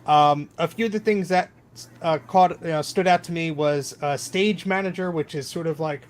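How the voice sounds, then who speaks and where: A man's voice: on the high side, moderate pace. A man hosting a casual tech podcast, chatty and loose, joking and filling his talk with ums and restarts.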